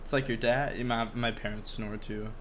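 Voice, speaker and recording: A man's voice: medium pitch, steady tone, moderate pace, a little hiss or hum. A young man co-hosting a podcast, telling a pet story in a rambling, casual way with lots of fillers, restarts and swearing. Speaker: podcast co-host. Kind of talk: casual chat.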